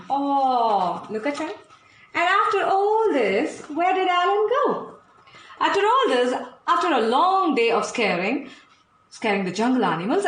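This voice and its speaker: Brief: high, lively woman storyteller reading aloud to kids, echoey room. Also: a little hiss or hum. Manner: animated, asks the listener questions. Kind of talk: picture-book reading for children.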